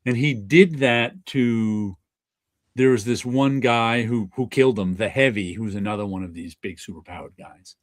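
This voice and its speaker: A man's voice: lowish voice, normal speed, no echo, studio quality. A man hosting a casual comic book livestream, talking in a rambling way with chuckles and restarts. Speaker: host of a comic book stream.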